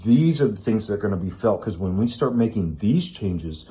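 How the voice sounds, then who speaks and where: A man's voice: fairly low pitch, animated, normal speed, dark tone. A middle-aged man speaking in a blunt, preachy self-help monologue, swearing often. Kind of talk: casual monologue.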